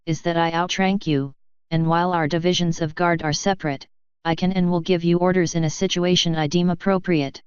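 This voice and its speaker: Stern stallion captain, clipped and authoritative, read by a woman; lowish, dry, slightly muffled recording. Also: fairly even intonation, brisk, clear, resonant tone, no echo, lightly acted. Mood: commanding.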